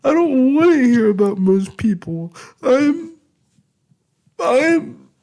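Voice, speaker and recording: A man's voice: animated, normal speed, creaky, mellow, breathy edge, heavily acted. A man voicing a proud, sulky young woman who is crying and wailing her words. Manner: wailing, high-strung outbursts.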